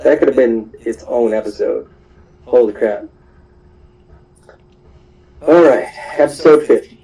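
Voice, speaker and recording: Mellow young man casually recapping an anime. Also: medium pitch, a little slow, gravelly, poor audio. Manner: rambling, full of fillers and laughs.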